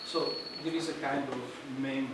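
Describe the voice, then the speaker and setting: A man giving a public lecture in a hall, halting and searching for words, with many fillers. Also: medium pitch, fairly even intonation. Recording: echoey hall, distant, noisy.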